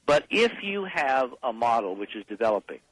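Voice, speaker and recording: A man's voice: mid-range voice, sing-song, moderate pace, slightly rough, no room sound, low-quality recording. A man speaking as a guest on a late-night radio talk show, emphatic and insistent as he rallies the listeners. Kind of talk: impassioned radio call-in talk.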